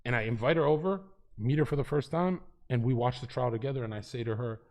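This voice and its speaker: A man's voice: mid-range voice, quick pace. A man streaming, telling a story in a casual, heated debate and swearing heavily. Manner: animated, profanity-heavy storytelling that swings between hushed and loud.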